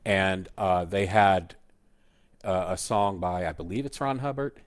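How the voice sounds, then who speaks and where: A middle-aged man as guest co-host, reminiscing in a halting way full of "uh" and restarts. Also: deep voice, animated. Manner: halting, many fillers, reminiscing. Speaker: guest co-host, the host's father. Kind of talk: casual podcast chat.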